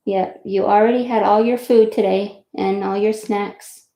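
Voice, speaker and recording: Brief: young woman, mid-pitched, upbeat live-stream co-host who backs up her partner. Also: fairly even intonation, normal speed, creaky, mellow. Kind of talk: casual live-stream chat.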